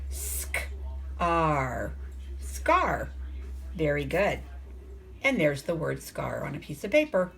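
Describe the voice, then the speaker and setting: A woman teaching a phonics lesson to young children, sounding out letters slowly and asking the class coaxing questions. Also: sits low, big pitch swings, gravelly. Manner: slow, sounds out letters and words.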